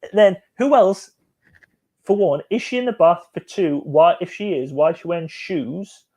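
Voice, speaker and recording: A man with a high-pitched, mellow voice hosts a casual live stream, joking and chatting while he reacts to music videos and reads viewer comments aloud.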